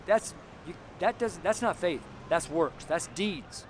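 A tired man preaching loudly and bluntly on a city street, speaking to passers-by. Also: high-pitched, lively intonation, takes it slowly. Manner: loud, blunt and fervent, talking to passers-by. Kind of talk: outdoor street sermon. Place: city street with walls around. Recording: faint city street noise. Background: traffic and street noise.

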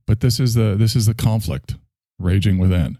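Deep-voiced rambling man, swears freely. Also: normal speed, dark tone, dry recording, clean studio sound. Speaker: stream host. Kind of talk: casual monologue to an online audience.

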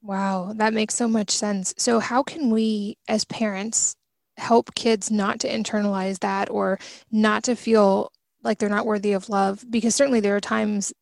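A woman hosting a podcast, asking the guest thoughtful, measured questions. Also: medium pitch, level tone, gravelly, no room sound, studio quality. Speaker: podcast host. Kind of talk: interview questions.

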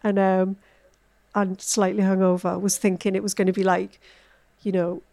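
Casting: woman, food editor guest, chatty, mid pitch. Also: normal speed, gravelly. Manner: chatty, animated storytelling, frequent fillers. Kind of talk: casual food chat.

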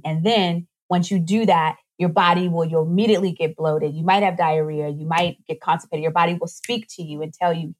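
A woman guest on a podcast, explaining nutrition in a casual, animated way and acting out little voices as she goes. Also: deep voice. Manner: animated, acts out voices in quick asides.

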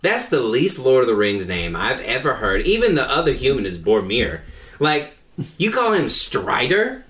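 Emphatic man with lively pitch. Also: moderate pace, echoey room. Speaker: podcast co-host. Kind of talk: casual group chat.

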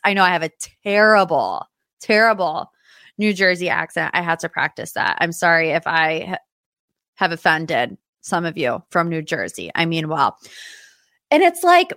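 A woman hosting a podcast, recapping reality TV in a chatty, animated way and slipping into impressions. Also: medium pitch, unhurried, dry recording, studio quality. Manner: chatty, animated, does impressions of cast members. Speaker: podcast host. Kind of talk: casual recap monologue.

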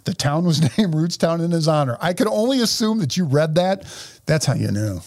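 Profane, animated man. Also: a little high, moderate pace. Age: middle-aged. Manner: profane, animated, laughs often. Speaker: podcast co-host. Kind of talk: casual chat.

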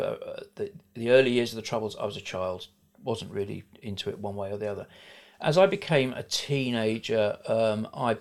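A man in his sixties speaks with a middle-class South London accent and a low-ish voice. He talks frankly and at length, looping back through fillers and restarts as he recalls things. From South London, England. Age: 60s. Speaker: guest. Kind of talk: conversational interview.

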